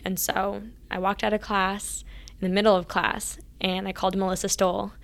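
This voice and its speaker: An earnest woman recounts her college athletic years as an interview guest. Her voice carries a gravelly texture and moves within a narrow, even pitch range. She slips readily into reenacting past conversations. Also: moderate pace. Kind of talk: casual interview storytelling.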